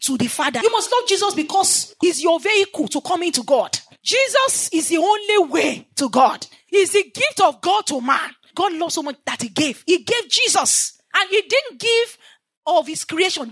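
A woman with a high, light voice delivers a sermon. She teaches emphatically and repeats herself for weight. She leaves scripture lines hanging for listeners to finish in call-and-response. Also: sing-song, moderate pace, fairly bright tone. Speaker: preacher.

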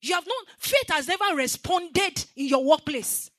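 A woman's voice: sits high, lively intonation, normal speed, no echo, clean studio sound. A woman preacher with a Nigerian accent giving an emphatic sermon and calling on the congregation to repeat her words. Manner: emphatic, call-and-response with the congregation.

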